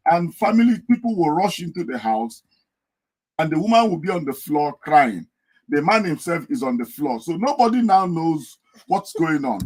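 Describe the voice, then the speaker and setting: A man's voice: on the high side, sing-song, normal speed, darkish tone, poor audio. Earnest man giving advice. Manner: earnest, storytelling, acts out a wailing wife. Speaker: guest speaker. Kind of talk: podcast discussion. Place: United Kingdom.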